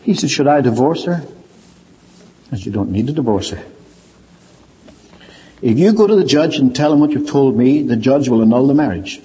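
An older man preaching a sermon, telling stories and swinging between quiet low asides and raised, emphatic points. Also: lively intonation, normal speed, long pauses, slight background noise. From Ireland. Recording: reverberant hall.

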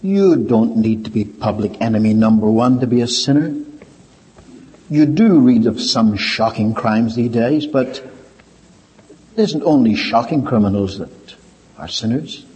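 A man's voice: lively intonation, measured pace. Older preacher man in a reverberant hall. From Ireland. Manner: storytelling, swings from low quiet asides to raised emphatic points. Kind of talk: sermon.

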